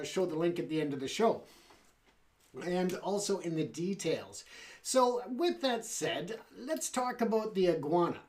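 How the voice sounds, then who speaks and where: A man hosting a talk show, talking in a loose, conversational way. He drops in fillers and asides to his audience, and the delivery feels unscripted. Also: sits high. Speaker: show host. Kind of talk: casual talk show monologue.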